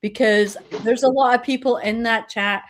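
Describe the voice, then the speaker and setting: A woman on a group video call speaks in a slightly high voice. She is earnest and halting, stopping and restarting with many fillers. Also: steady tone. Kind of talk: casual group video chat.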